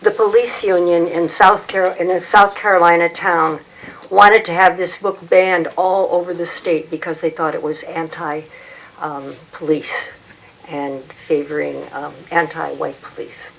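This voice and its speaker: A woman speaking to an audience at a reading event, halting with many pauses and fillers. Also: fairly low pitch, steady tone, gravelly, slight background noise, low-quality recording.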